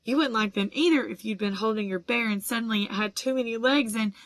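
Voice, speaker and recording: A woman reading the part of a blunt teenage schoolboy who talks gruffly. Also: a little high, fast, no echo, natural voice.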